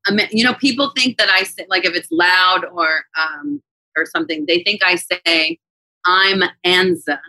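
A woman in her forties chatting candidly as a podcast guest, laughing often and sounding relaxed. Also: lowish voice, normal speed, dry recording, poor audio. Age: 40s. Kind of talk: casual interview chat.

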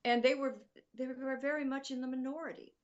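A woman's voice: sits high, level tone, a little fast, muffled recording. A woman guest on a talk show, speaking earnestly with frequent restarts and a wry laugh. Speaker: interview guest.

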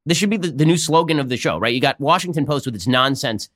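A male podcast host delivering political commentary at a fast clip. His tone stays sarcastic and mocking. His voice sits at a middling pitch for a man. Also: animated, fairly bright tone.

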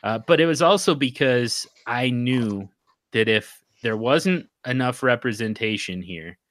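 A man's voice: mid-range voice, animated, a little slow, fairly bright tone, no room sound. A man hosting a casual podcast conversation, joking and teasing his co-hosts with plenty of fillers. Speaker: podcast host.

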